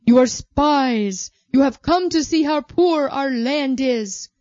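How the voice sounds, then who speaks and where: A woman voicing a stern male ruler who speaks slowly and harshly to accuse strangers, in a storybook reading. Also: medium pitch, dark tone, dry recording, lo-fi sound. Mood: stern, accusing.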